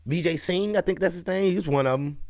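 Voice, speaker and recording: A man's voice: high-pitched, a little fast, a little mellow. A man casually reacting to comedy clips, rambling and laughing along. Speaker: reaction video host.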